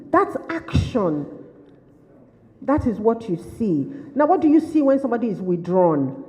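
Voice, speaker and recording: A woman with a slightly high, dark-toned voice lectures caregivers at a workshop, her pitch swinging widely as she keeps a measured pace. She's a behaviour management trainer who fires off repeated questions and restates her points. The lo-fi recording carries a long hall reverb.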